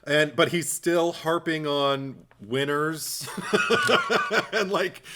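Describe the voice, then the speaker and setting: A man co-hosting a casual podcast, talking in an animated, playful way and laughing often. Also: on the high side, extremely slow. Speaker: podcast co-host.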